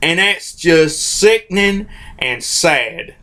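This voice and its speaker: High-voiced man on a heated rant. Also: expressive, slow pace, sharp tone. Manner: heated, repetitive, informal, restarts phrases often. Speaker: host of a comics commentary channel. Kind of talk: opinionated vlog rant.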